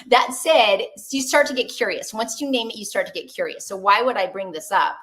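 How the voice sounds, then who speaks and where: Lively woman doctor on a video call. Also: mid-range voice, a little fast, few pauses. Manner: lively, conversational, asks the audience questions. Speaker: doctor giving a health talk. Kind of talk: online webinar presentation.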